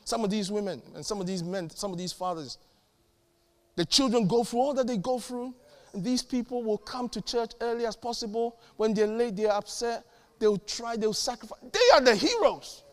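A man pastor preaching a sermon in a church, fervent, with sudden loud peaks and quiet asides. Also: high-pitched, fairly even intonation, moderate pace, in a large hall.

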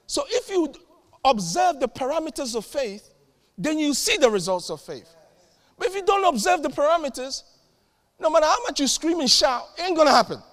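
A man pastor preaching a sermon in a church, fervent, with sudden loud peaks and quiet asides. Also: extremely high pitch, in a large hall.

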